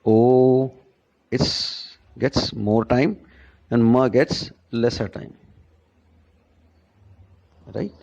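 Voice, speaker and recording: A man giving a classroom lesson on pronunciation, deliberate and repetitive, often checking in with "right?". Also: medium pitch, steady tone, creaky, a little mellow. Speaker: English teacher.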